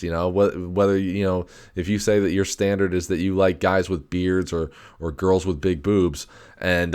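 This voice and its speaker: A man's voice: low voice, a little mellow, smooth. A young adult man ranting casually as a podcast host, rambling and profane, with many fillers and restarts. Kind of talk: casual solo rant.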